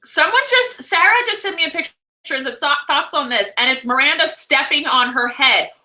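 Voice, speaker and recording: Bright, chatty young woman vlogger. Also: sits high, lively intonation. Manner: chatty and rambling, heavy use of "like", quick self-corrections. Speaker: vlogger hosting a live stream. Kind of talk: casual live-stream chat answering viewers.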